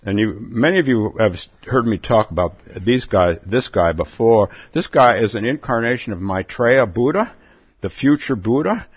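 A man giving a relaxed dharma talk as a Zen teacher, chuckling often and repeating words as he goes. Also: lowish voice, normal speed, slightly rough, dry recording. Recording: dull lo-fi dry recording.

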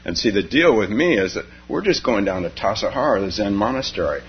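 A man's voice: fairly low pitch, sing-song, brisk. An older man, a Zen teacher, giving a dharma talk full of personal stories and frequent chuckles. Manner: chuckles often while telling stories. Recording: dull lo-fi recording with faint noise.

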